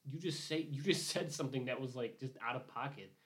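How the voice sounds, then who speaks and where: A man's voice: mid-range voice, quick pace. A young man telling a long work story in casual chat, rambling, swearing a lot and acting out both sides of the argument. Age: young adult. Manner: rambling storytelling, heavy swearing, acts out quotes.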